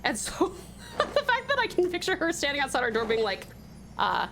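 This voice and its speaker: Aussie girl streaming a game, high voice that bounces all over, giggly and sweet to chat. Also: huge pitch swings, moderate pace, vocal fry, fairly bright tone, slight background noise. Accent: Australian. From Tasmania, Australia. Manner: bubbly, giggly, greets chat with pet names. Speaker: VTuber streamer. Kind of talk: casual live-stream chat while gaming. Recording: game music playing under the voice.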